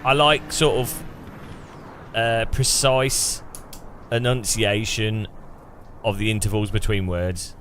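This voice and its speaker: A man's voice: on the low side, fairly even intonation, slow, long pauses, fairly bright tone, slight background noise. An English man from England, streaming a racing game and chatting casually in a rambling way, often restarting his sentences. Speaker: gaming streamer. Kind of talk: casual chat over racing gameplay.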